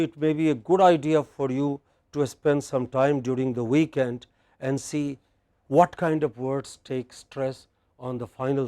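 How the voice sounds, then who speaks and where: A man with an Indian English accent teaching in a classroom, leading a drill and stressing each word loudly for the class to repeat. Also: mid-range voice.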